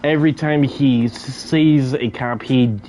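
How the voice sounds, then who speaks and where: A man's voice: mid-range voice, steady tone, unhurried, a little mellow, a little hiss or hum. A young man casually telling a story while gaming, stuttering and repeating sounds, laughing as he goes.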